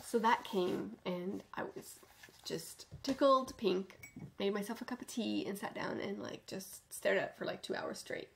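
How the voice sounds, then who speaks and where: Unhurried and full of vocal fry, a woman with a medium-pitched voice gushes about knitting on her casual podcast, her words often fading to a soft near-whisper.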